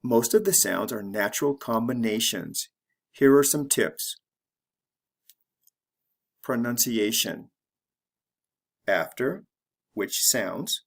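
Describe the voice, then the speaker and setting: A man with an American accent gives a scripted pronunciation lesson, pausing between words and repeating each example phrase. His voice is gravelly and a little husky, and he speaks at an unhurried, drilling pace. He sounds like a patient teacher reading from a lesson plan. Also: medium pitch, lively intonation. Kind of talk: slow scripted lesson narration.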